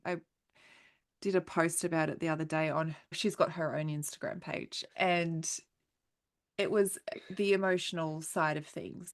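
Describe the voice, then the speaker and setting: Woman host chatting easy, laughs a lot, kinda low pitch. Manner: chatty, laughs while telling stories. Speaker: podcast host. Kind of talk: casual conversation.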